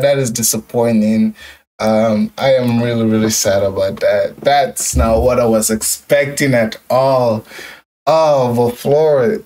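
A man's voice: medium pitch, a little mellow, recorded from a distance. A young man hosting a music reaction video, emotional and repetitive, with lots of yo and like. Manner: emotional, repeats phrases, says yo and like. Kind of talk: casual reaction commentary.

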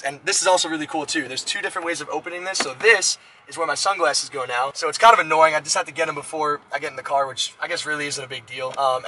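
A man's voice: on the high side, bright, forceful tone, a little hiss or hum, low-quality recording. A young man giving a casual, enthusiastic tour of his car from inside it, rambling and addressing viewers as "guys". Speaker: vlogger.

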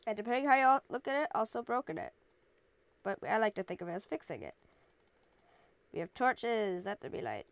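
A woman's voice: mid-range voice, animated, fairly quick, long pauses, dry recording. A woman doing goofy, playful let's-play commentary and role-playing as she plays. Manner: goofy, bickers with herself in made-up voices. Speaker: gameplay commentator.

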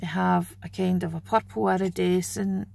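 A woman's voice: on the low side, steady tone, moderate pace, vocal fry, a little mellow, slight background noise. A Scottish woman chatting homely and casually as she shows off her craft haul. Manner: chatty and homely, fond of 'wee'. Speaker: craft channel host. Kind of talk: casual show-and-tell haul video.

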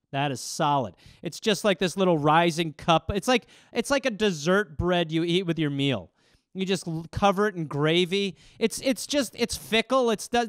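A man's voice: high-pitched, clear, resonant tone, no room sound, clean studio sound. A man hosting a comedy podcast, riffing in a rambling, profane way. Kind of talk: casual comedic monologue.

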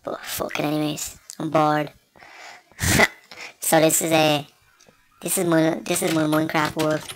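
A man's voice: on the high side, monotone, unhurried, noisy background. A man with a Dublin Irish accent rambles through casual gameplay commentary into a small desktop microphone, cracking crude, self-mocking jokes. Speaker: gamer.

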